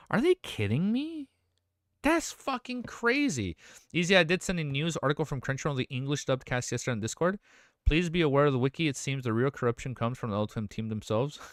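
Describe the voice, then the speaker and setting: A male streamer chatting excitedly and casually during a live reaction stream, swearing now and then. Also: medium pitch, no echo, clean studio sound.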